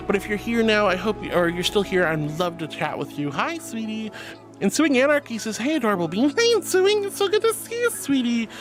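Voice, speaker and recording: A man streaming live, chatting casually and reading out chat messages, gushing and affectionate toward viewers. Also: high voice. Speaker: VTuber streamer. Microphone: computer mic for a VR stream.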